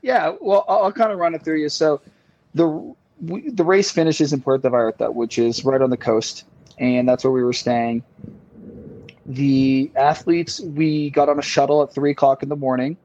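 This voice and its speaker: A man's voice: on the high side, fairly even intonation, moderate pace, darkish tone. A man as a podcast guest, telling a long story in a casual, rambling way with many fillers and repeated words. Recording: slightly dull lo-fi sound.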